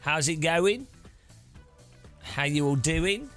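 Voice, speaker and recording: A man's voice: on the high side, lively intonation, slow, fairly bright tone, faint music behind. A man hosting a sim-racing livestream, rambling and joking with chat and often laughing. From Britain. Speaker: streamer host.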